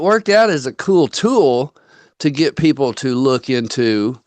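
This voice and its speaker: A man's voice: mid-range voice, big pitch swings, a little slow, dry recording. A man hosting a casual online chat, telling folksy stories and acting out what people said. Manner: folksy storyteller, quotes people in dialogue.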